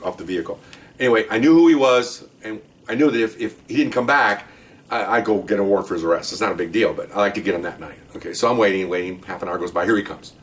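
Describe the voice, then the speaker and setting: An older man, a retired undercover police officer, telling stories from his past cases in a casual, animated way and acting out the dialogue. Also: fairly low pitch. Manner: animated, acts out the dialogue in raised voices. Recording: voice distant from the mic.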